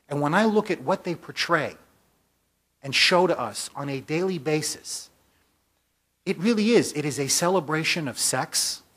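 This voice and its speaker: A man speaking at a conference with a slightly high, husky voice. He tells a story to the audience in an emphatic way, stacking points into forceful repeated lists. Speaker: magazine editor giving a talk. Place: conference hall.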